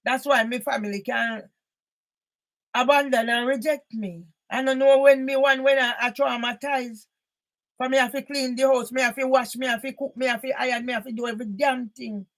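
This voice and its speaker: Woman, high voice, angry rant at one guy, keeps shouting bits out. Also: steady tone, brisk. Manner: angry and confrontational, repeated emphatic loud bursts. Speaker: author and campaigner. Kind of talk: ranting monologue addressed to one person.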